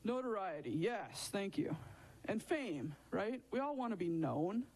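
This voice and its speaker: A man with a fairly high voice gives a children's Bible lesson. He talks in a chatty, informal way and keeps turning to his listeners with questions. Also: big pitch swings, measured pace, darkish tone, poor audio.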